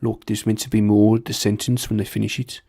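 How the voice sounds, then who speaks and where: A man's voice: fairly low pitch, little pitch movement, fast, gravelly, dark tone, slightly rough. A man imitating a Birmingham accent, sing-songy, with each sentence rising like a question. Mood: drawling.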